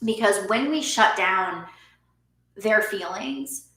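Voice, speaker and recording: A woman's voice: medium pitch, slow, a bit bright, roomy sound, rough recording. A woman in her thirties, a parent coach, explaining earnestly in a talking-head vlog and often breaking into short laughs.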